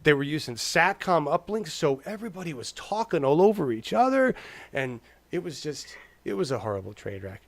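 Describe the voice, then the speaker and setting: A man's voice: on the high side, very animated, brisk, no echo. A man co-hosting a casual political chat, rambling and restarting his words, slipping into mocking impressions. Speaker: podcast co-host.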